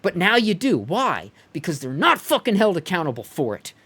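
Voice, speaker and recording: A man's voice: sits high, wildly swooping pitch, moderate pace, bright, forceful tone, husky. A man ranting heatedly and profanely during a game live stream, sometimes mocking others in put-on voices. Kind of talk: live-stream rant while gaming.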